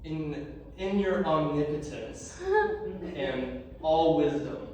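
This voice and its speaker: A man's voice: on the high side, slow pace, a little mellow, slight background noise, voice pushed down. A man doing an eager, fumbling young helper. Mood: hesitant. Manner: hesitant, fumbling. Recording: echoey room, distant mic.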